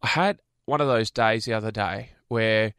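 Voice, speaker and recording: A man's voice: fairly low pitch, normal speed, background noise. A man co-hosting a radio show, chatting casually and teasing his co-host. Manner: playful, teasing, breaks into silly made-up songs.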